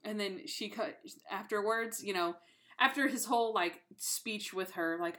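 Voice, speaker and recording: A woman co-hosting a casual podcast, eagerly recapping a TV episode. She talks in quick bursts, filling her story with "like". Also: mid-range voice. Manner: lively retelling with lots of "like". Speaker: podcast co-host.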